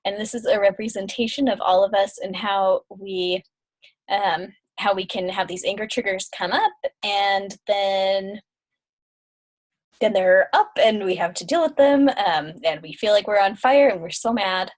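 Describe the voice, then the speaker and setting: Casting note: young adult woman, intuitive healer, medium pitch, casual chatty delivery with fillers and yawns. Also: unhurried. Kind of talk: guided energy-clearing session.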